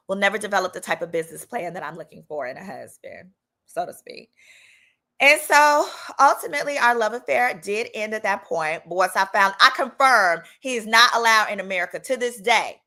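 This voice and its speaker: A woman's voice: mid-range voice, pushed and bright. A woman attorney and host telling a personal story in a casual, sassy way, jumping into voices for the people she quotes.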